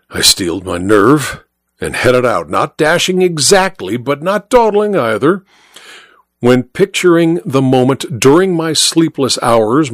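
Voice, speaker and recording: A man narrating a story in the first person, with wry, measured storytelling, in a dry close recording. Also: mid-range voice, dry recording. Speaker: audiobook narrator.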